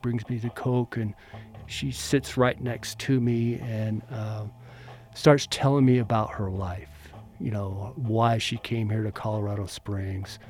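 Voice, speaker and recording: A middle-aged man casually telling a story from his own life, acting out the quoted lines as he goes. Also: lowish voice. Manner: animated, acts out quotes. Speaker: interviewee, former bodyguard.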